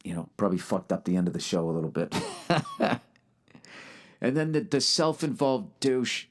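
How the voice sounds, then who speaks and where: A man's voice: on the low side, big pitch swings, normal speed. A man who is a stand-up comedian, telling stories on a podcast in a blunt way full of swearing. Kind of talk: profane podcast storytelling.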